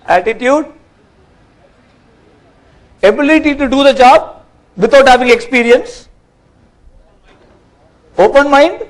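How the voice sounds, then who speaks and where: A man gives a corporate training talk from a workshop stage, lively and quizzing his audience. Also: very high voice, slow pace, pauses often, rough recording. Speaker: workshop speaker.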